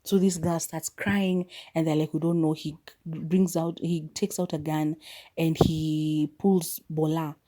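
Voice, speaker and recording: A woman hosting a podcast, telling a movie's plot in a loose, chatty way with quick side comments and self-corrections. Her voice sits low and sounds mellow and relaxed rather than bright. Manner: chatty retelling with quick asides and restarts. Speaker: podcast host. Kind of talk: casual movie recap.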